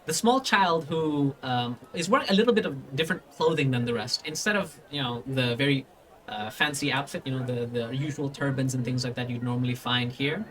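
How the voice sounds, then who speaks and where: A man's voice: medium pitch, a bit bright. A man narrating a tabletop game as game master, rambling with many restarts. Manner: rambling, full of fillers and restarts.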